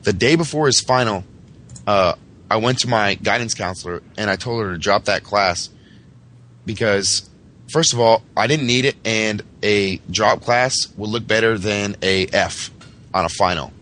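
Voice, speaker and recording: A man's voice: on the low side, moderate pace, a bit bright. A man from Massachusetts, a podcast host, telling a boastful, profane story in casual chat.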